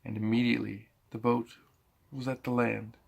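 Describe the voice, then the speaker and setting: A man's voice: medium pitch, flat delivery, moderate pace, creaky, a little mellow, a little hiss or hum. A man giving a casual bible teaching, thinking aloud and often restarting his sentences. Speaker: preacher.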